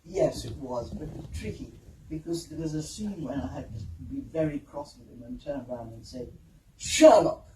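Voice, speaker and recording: A woman's voice: a bass voice, a little fast. An older woman with a London Kensington accent telling anecdotes on a convention panel, laughing often and acting out what people said. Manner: lively storyteller, laughs often, acts out quotes. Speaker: panel guest, actor. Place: convention hall. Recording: roomy hall, distant mic, noisy.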